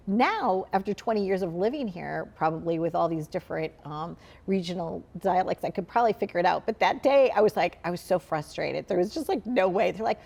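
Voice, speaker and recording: A woman's voice: mid-range voice, fairly quick, vocal fry, few pauses, darkish tone. Chatty Midwestern-raised woman host. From Midwest US, Saint Louis. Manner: chatty, rambling questions with many likes. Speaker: talk show host. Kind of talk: casual interview chat.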